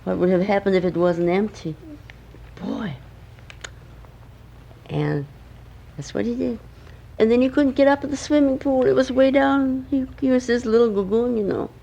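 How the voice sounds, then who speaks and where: A woman's voice: on the high side, normal speed, vocal fry, pauses often, warm tone, muffled recording. An older woman, a grandmother, telling a homemade bedtime story at home with chatty asides to the listening child.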